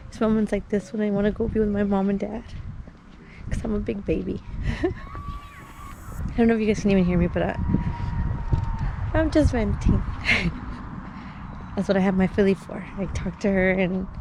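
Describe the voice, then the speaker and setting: A woman in her thirties, a mother vlogging while sad from crying, talking softly and rambling with many fillers, outdoors in a small park on a phone. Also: medium pitch, big pitch swings, moderate pace, gravelly, long pauses, noisy background. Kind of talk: casual vlog talk.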